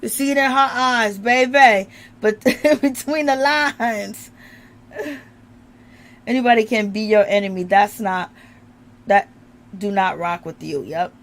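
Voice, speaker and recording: A woman's voice: mid-range voice, slow, long pauses, fairly bright tone. Chatty woman with a strained voice. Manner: chatty, laughs often, calls viewers y'all and baby. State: strained voice, recovering from illness. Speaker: reality TV recap vlogger. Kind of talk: casual chat to viewers.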